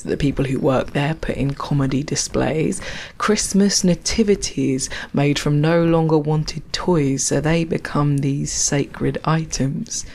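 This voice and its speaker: A woman's voice: low-pitched, vocal fry, darkish tone, slight background noise. A woman telling reflective, poetic stories with wry asides while walking outdoors along a canal. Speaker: storyteller. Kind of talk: reflective spoken-word storytelling.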